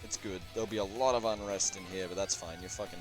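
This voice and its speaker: A man swearing and chatting excitably while explaining a multiplayer strategy game, sometimes chanting. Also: low-pitched, fast talker, over music. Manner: profane, excitable, chanting at times. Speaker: gamer in multiplayer session. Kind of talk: casual gameplay commentary.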